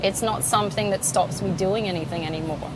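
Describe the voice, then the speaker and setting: A woman's voice: medium pitch, brisk, background noise. A woman in her thirties, a podcast host chatting alone while driving, laughing often, swearing and poking fun at herself. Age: 30s. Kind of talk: casual solo chat while driving. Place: in a car.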